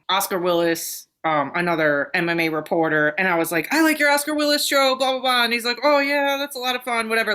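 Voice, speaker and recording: A woman co-hosts a casual podcast chat. She tells stories in a bright, fairly high voice, swears freely, and acts out the quotes of the people in them. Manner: animated storytelling, heavy swearing, acts out quotes. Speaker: podcast co-host.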